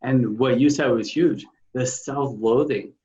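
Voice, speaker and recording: A man's voice: medium pitch, a little slow, dark tone. Earnest male podcast host, slightly dull audio. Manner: earnest, encouraging. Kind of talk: casual interview talk.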